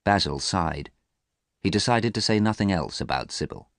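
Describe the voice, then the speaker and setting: A man reading a story aloud for English learners in a clear, measured, expressive way, recorded close and dry. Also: deep voice, no room sound. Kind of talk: scripted narration.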